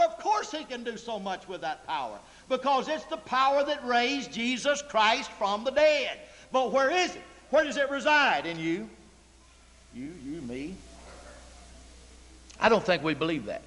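A man's voice: high-pitched, a bit bright. A man preaching a sermon in a church, emphatic and full of rhetorical questions to the congregation. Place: church sanctuary. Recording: long church reverb.

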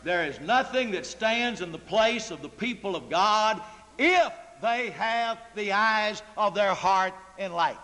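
A man's voice: high voice, expressive, unhurried, sharp tone. A man preaching a sermon in a church, emphatic and full of rhetorical questions to the congregation. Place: church sanctuary. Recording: long church reverb.

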